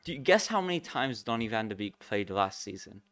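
A man's voice: lowish voice, very animated, fairly quick, fairly bright tone, dry recording, studio quality. Talkative man laughing through football chat. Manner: talkative, laughs often, builds long arguments. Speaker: podcast co-host.

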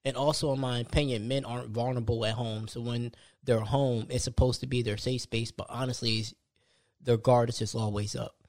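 A man's voice: medium pitch, little pitch movement, fairly quick, a little mellow, dry recording, studio quality. A young man hosting a solo podcast, talking casually and conversationally, often restarting his sentences. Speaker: podcast host.

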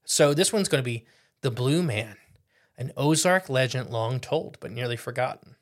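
A man's voice: medium pitch, lively intonation, moderate pace. A man co-hosting a podcast in casual chat, rambling with many "uh"s and restarts. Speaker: podcast co-host.

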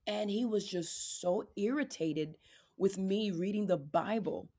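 A woman, a podcast guest giving candid, lively testimony about her faith and marriage, acting out the voices of the people in her story. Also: medium pitch, unhurried. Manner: animated storyteller, acts out quoted voices; addresses listeners as "y'all".

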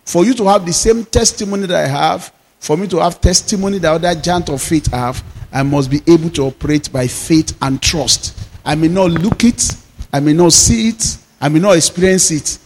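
Guy preaching a sermon, stretches out the big lines, kinda high voice, lots of hall echo. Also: darkish tone, slight background noise. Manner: preaching with emphatic slowed declarations. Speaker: pastor. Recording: long reverb of a hall.

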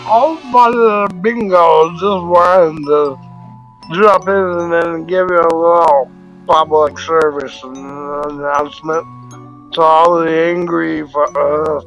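A man's voice: on the high side, slow pace, a bit bright, soft background music, rough recording. A man voicing a crude, sleazy clown who rambles with constant swearing. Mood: rambling. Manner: profane, rambling, whiny.

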